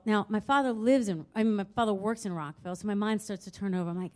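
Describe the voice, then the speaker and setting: A woman telling a true story at a live show, expressive and quick to swear and laugh at herself. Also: medium pitch. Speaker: storyteller on stage.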